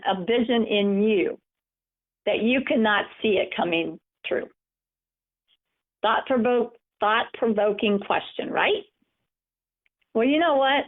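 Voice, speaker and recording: A woman coaching through a live webinar, sharing personal stories in an encouraging, storytelling way. Her voice sits at an ordinary middle pitch. The sound is narrow and phone-like, as if it came down a call line. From United States. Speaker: empowerment coach and speaker. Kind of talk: webinar presentation. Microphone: webinar call audio.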